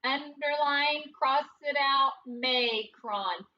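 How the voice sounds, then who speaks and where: Woman, phonics teacher for young kids, high voice, slow and playful, distant dull recording. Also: a little hiss or hum. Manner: slow, patient, playful teacher talk with sing-song emphasis. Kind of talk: recorded remote phonics lesson for first graders.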